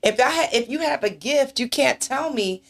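A woman's voice: sits high, expressive, moderate pace, creaky. A woman minister in a church talk discussion, speaking emphatically and asking rhetorical questions.

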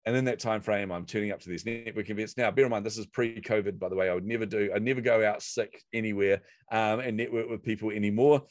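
A middle-aged man, a podcast guest telling a lively personal anecdote. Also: lowish voice, fast, hardly any pauses, no room sound. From New Zealand. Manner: animated anecdotal delivery with acted quotes. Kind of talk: storytelling in a podcast interview.

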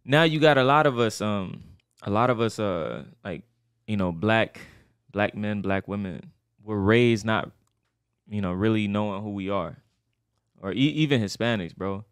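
Earnest low-voiced man in casual chat. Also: a little slow, smooth, dry recording, clean studio sound. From Haitian family, raised in America. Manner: earnest, persuasive, addresses listener as bro. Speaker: podcast co-host.

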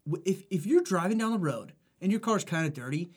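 A young man with a high, slightly husky voice co-hosts a casual podcast. He swears freely and rambles through crude stories, laughing as he goes. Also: lively intonation, a little fast. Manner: profane, laughing, rambling storyteller. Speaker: podcast co-host.

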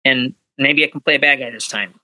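A man being interviewed as a voice actor, telling animated anecdotes and acting out quotes in higher voices. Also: dry recording, rough recording. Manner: animated storyteller, acts out quotes in high voices. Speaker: voice actor guest.

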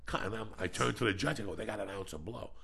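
Low gravelly-voiced male podcast host. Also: fast, pushed and bright. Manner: blunt, profane storytelling. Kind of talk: casual chat.

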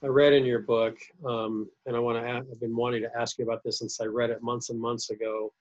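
A man's voice: mid-range voice, level tone, quick pace, dull audio. A man hosting an interview who asks searching questions, thinking aloud and restarting his sentences. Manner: warm-hearted probing, thinks aloud, restarts. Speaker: podcast host, interviewer. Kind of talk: interview conversation.

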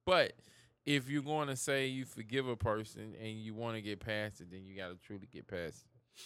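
A man's voice: on the low side, fairly even intonation, normal speed, fairly bright tone, clean tone, no echo. A man co-hosting a podcast, chatting casually in loose, profane banter and laughing often. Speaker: podcast co-host. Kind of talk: casual chat.

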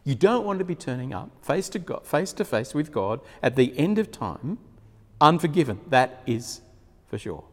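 Man, preacher, sermon, animated storytelling, chuckles, fairly high voice, long hall reverb. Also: moderate pace.

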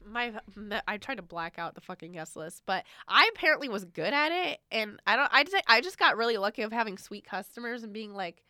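A woman with a high, bright and crisp voice tells retail stories in a casual chat. She talks in an animated way and acts out customers. The sound is dry and close. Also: fairly quick, few pauses, no room sound. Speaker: former retail store worker.

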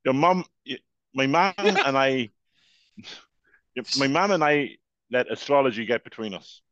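A man co-hosting a comedy podcast, delivering dry, deadpan one-liners. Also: mid-range voice, moderate pace, dry recording, highs cut off. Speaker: podcast co-host. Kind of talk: casual comedy podcast chat.

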